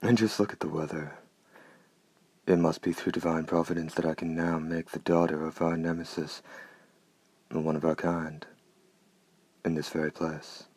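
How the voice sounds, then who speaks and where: A man voicing a soft-spoken, menacing, courtly male night stalker in an audiobook. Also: rumbling low, little pitch movement, moderate pace, long pauses, breathy edge, no echo. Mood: moved, exultant. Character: gloomy, gorgeous-voiced male night stalker. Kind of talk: audiobook character reading.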